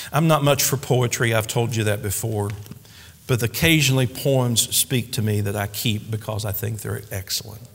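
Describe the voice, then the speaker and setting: A man's voice: mid-range voice, vocal fry. A man preaching a sermon as pastor, with an emphatic, repetitive preaching cadence. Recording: reverberant hall.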